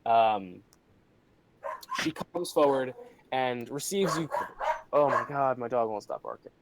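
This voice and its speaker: A man's voice: mid-range voice, expressive, measured pace, very noisy. Male game master, casual, hesitant delivery, lots of ums, home voice-call mic. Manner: casual, hesitant, many fillers. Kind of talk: narrating a tabletop role-play game online.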